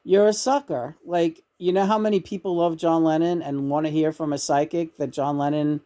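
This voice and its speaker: A woman's voice: sits low, flat delivery, fairly quick, mellow. Woman vlogger, casual storyteller, emotional and laughing. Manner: chatty and emotional, laughs often, many restarts. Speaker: channel and vlogger.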